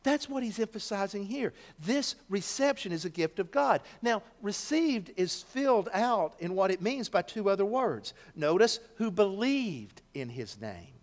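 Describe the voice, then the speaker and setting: A male pastor preaching a sermon in a high-pitched voice. He tells stories conversationally, then builds to emphatic declarations. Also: lively intonation, normal speed, hardly any pauses, in a large hall.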